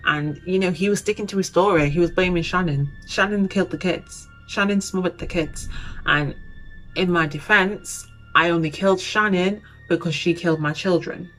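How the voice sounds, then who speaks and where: A young woman with a low voice tells a story in a loose, chatty way and keeps saying you know and like. She acts out what people said as she goes. Faint music plays underneath. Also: moderate pace, fairly bright tone, rough recording. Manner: chatty, acts out quotes with lots of you-knows and likes. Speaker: YouTuber. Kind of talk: casual retelling of a documentary.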